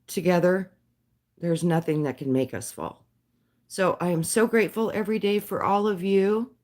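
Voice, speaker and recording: A woman hosting a live stream, reading a poem and talking in a soft, dreamy, emotional way, her voice shaking at times. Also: on the low side, moderate pace.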